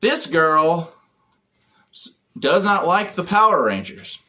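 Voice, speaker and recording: A man's voice: a little high, very animated, takes it slowly, bright, forceful tone. Chatty man recapping a comic. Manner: rambling plot retelling with fillers. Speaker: comic book reviewer. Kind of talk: casual spoken review.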